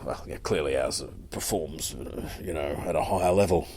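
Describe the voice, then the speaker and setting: Very deep-voiced Australian host. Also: male voice, normal speed, darkish tone, breathy edge. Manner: rambling, hesitant, many fillers and restarts. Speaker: podcast host. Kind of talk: casual conversational interview.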